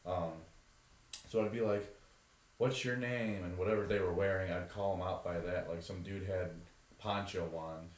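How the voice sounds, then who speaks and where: A young man co-hosts a podcast, telling stories in an animated, casual way and slipping into the voices of the people he quotes. His voice sits fairly low. The room behind him is roomy and echoing. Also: moderate pace. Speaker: podcast co-host. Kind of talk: casual storytelling. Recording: roomy echo.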